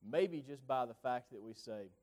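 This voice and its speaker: A man's voice: medium pitch, moderate pace, darkish tone. A man with a rural Southern US accent preaching a conversational sermon, often repeating and restarting his words.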